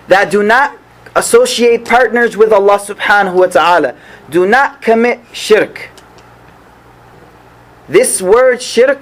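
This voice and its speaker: Male preacher with a high voice and an American accent, earnest storytelling lesson. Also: a bit bright, low-quality recording. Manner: earnest storytelling, repeats phrases for emphasis. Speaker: imam. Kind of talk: sermon lesson.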